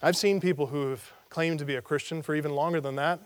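A man's voice: on the high side, fairly even intonation, fast talker, in a large hall. A man preaching an expository sermon as pastor, emphatic and repeating his key phrases.

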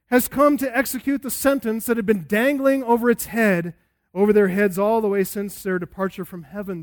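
A man preaching an expository sermon as a pastor, emphatic and swinging between loud and hushed delivery. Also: high voice.

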